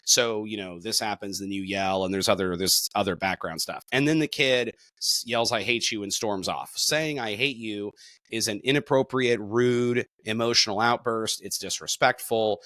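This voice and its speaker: Man, co-host, emphatic talker with a bright forceful edge, dry close sound. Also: normal speed, few pauses, no room sound. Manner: emphatic, gets sharply louder and higher when making a point. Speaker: podcast co-host. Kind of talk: casual reaction discussion.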